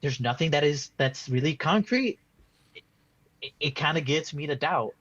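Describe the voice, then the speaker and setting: A man's voice: fairly high pitch, expressive, moderate pace, fairly bright tone, dry recording, muffled recording. A man giving a casual post-match fan reaction, rambling and frustrated, full of restarts and "like" fillers. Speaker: football fan being interviewed.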